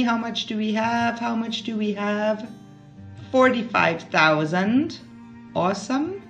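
A gaming YouTuber from Switzerland gives casual let's play commentary, talking to her game characters and breaking into emotional outbursts. Her voice is a little high, the recording muffled, with faint music in the background.

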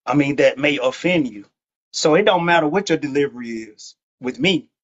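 A man's voice: fairly high pitch, moderate pace, muffled recording. A man hosting a faith podcast, chatting in a laid-back, joking, slangy way. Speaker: host.

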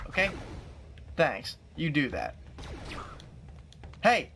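A man's voice: on the high side, big pitch swings, drawn-out words, vocal fry, long pauses, a bit bright, a little hiss or hum. A young man giving playful, joking commentary while playing a video game, talking trash at the enemies. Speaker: gaming youtuber.

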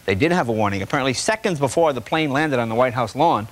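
A man's voice: mid-range voice, fast. A man hosting a talk show, delivering a stand-up comedy monologue with punchy jokes, recorded from a 1990s TV broadcast before a live studio audience. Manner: punchy joke delivery with animated voice swings. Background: loud audience laughter and noise.

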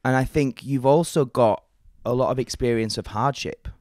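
A man's voice: mid-range voice, moderate pace, darkish tone, no room sound, studio quality. A man hosting a podcast interview, asking encouraging questions in casual chat. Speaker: podcast host.

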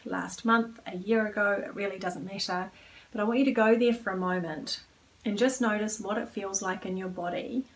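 A woman trainer calmly leading listeners through a guided movement exercise, at times dropping to a near whisper. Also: medium pitch, far from the mic, slight background noise, low-quality recording. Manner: calm, coaching, drops to a near whisper at times. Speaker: wellbeing trainer.

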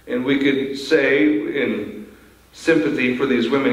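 A man's voice: fairly high pitch, fairly even intonation, moderate pace. Man preaching in an echoey church. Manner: earnest, repeats words when starting sentences. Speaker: pastor. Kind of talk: sermon. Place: church sanctuary. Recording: very echoey church hall, mic from far off.

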